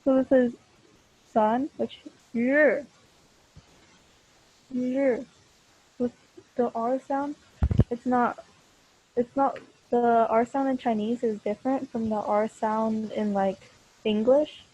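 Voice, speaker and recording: Young woman, online class teacher; slow, patient, husky and mellow, plenty of "um" and restarts. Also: on the high side, steady tone, no echo, lo-fi sound. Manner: slow, patient explaining with frequent fillers and restarts. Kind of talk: online class lesson over video call. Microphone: computer mic on a video call.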